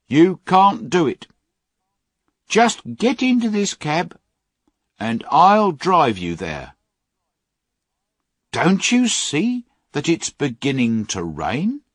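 A man's voice: on the high side, wildly swooping pitch, takes it slowly, long pauses, breathy edge, no room sound, studio quality, voice pushed up, exaggerated voice. A man voicing a kind, firm male cab driver in a storybook reading. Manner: firm and kindly.

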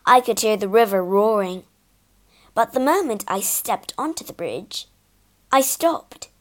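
A woman narrating a children's storybook in an animated, dramatic reading. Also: medium pitch, a little slow.

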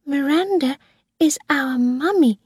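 A woman doing a quiet seven-year-old girl. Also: high voice, takes it slowly, no room sound, clean studio sound, pitched above the performer's own voice. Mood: solemn. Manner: soft and plain.

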